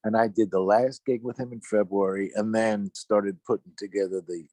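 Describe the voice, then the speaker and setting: A man with a deep, low voice tells road stories from his music days, jumping into other people's lines as he goes. He is talking over a video call, and the sound is dry and close, with no room around it. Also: fairly even intonation, moderate pace, mellow, no room sound. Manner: chatty anecdote teller, acts out others' lines. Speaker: musician guest. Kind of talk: casual storytelling on a video call.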